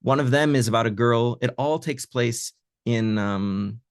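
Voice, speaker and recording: Man translator leading an online reading session, mid-pitched, unhurried, full of fillers, dry video-call sound. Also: dry recording. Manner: thoughtful, hesitant, many fillers.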